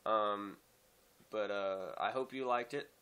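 A man talking casually to his viewers in a hesitant, soft-spoken way that often trails off quietly, recorded on a phone. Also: lowish voice, slow, clear, resonant tone. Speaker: channel host. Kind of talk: casual talk to camera.

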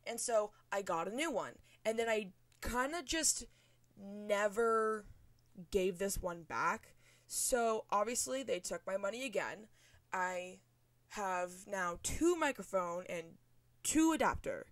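A young woman hosts her first podcast episode at home, talking off the cuff in a loose, rambling way. She swears casually and makes self-deprecating jokes, her voice sitting at an ordinary middle pitch. The sound is dry and close, caught on a cheap microphone with no room echo. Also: animated, normal speed, a bit bright. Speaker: podcast host. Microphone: cheap USB microphone.

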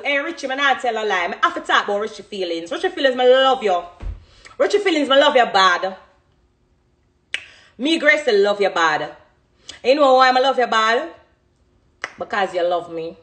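A woman's voice: on the high side, normal speed. Chatty Jamaican woman live-streaming. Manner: chatty, reads out comments, animated. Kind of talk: casual live-stream chat.

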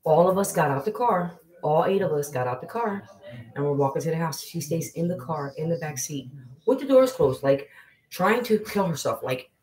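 A woman's voice: deep voice, lively intonation, moderate pace, a little mellow, low-quality recording. A woman hosting a casual livestream, chatting to viewers and telling a family story. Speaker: livestream host and mother. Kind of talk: casual live chat.

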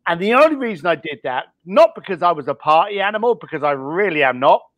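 Blunt high-voiced man, mixed East London accent. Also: big pitch swings, quick pace, a bit bright, no room sound. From East London, England. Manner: candid, blunt, with mild swearing and frequent ums. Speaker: guest. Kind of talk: casual podcast interview.

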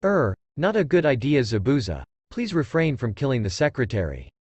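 A man's voice: medium pitch, sing-song, normal speed, a little mellow, slightly rough, dry recording, dull audio. A man voicing a laid-back, aloof male ninja teacher in a fanfic reading.

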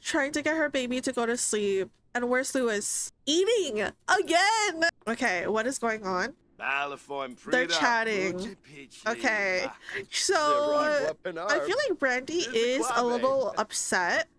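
A young woman casually commenting on a life-simulation game, chatty and excitable, often voicing her characters' thoughts. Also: a little high, slow pace. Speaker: gaming streamer. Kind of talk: casual let's-play commentary.

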